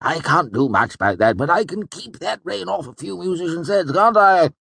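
A man voicing an excitable, short older nobleman who talks animatedly. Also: a little high, moderate pace, creaky, breathy edge, no echo, voice pushed up, full character voice. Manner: giddy, animated, gesturing wildly.

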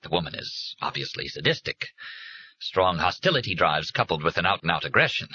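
A man's voice: low-pitched, sing-song, fairly quick, bright, forceful tone, slightly rough, no echo, lo-fi sound, heavily acted. A man reading aloud, playing a pompous, insecure male psychiatrist who talks in formal clinical phrases.

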